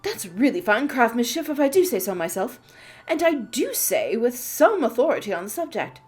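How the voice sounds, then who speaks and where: A woman's voice: a little high, very animated, normal speed, darkish tone, breathy edge, soft background music, pitched above the performer's own voice. A woman voicing an eccentric, chatty male army mechanist who rambles to himself in a fussy, self-assured way. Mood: rambling.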